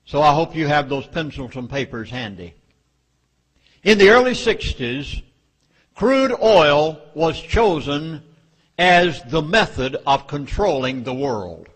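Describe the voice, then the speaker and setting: A man's voice: a little high, animated, slow pace, a bit bright, breathy edge. A man with a Southern US accent giving an emphatic speech to a live audience, with dramatic warnings. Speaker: public speaker.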